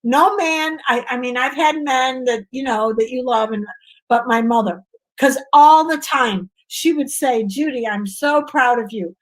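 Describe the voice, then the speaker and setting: A woman with a high, lively voice, chatting as a comedian guest. She tells her stories with animation and slips into other people's voices as she goes. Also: measured pace, poor audio. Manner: animated storyteller who acts out voices. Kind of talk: casual interview chat.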